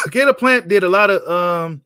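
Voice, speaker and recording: A man's voice: high voice, sharp tone, clear, resonant tone, no room sound, studio quality. A man hosting a casual live stream about boxing, talking in a blunt, slangy way and often repeating his points. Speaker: boxing commentator host.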